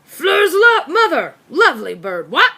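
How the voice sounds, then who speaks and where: A woman's voice: very high-pitched, huge pitch swings, unhurried, sharp tone, pitched above the performer's own voice, exaggerated voice. A woman voicing a pompous, blustering male corgi brigadier, who barks "what?" after his sentences in a storybook reading.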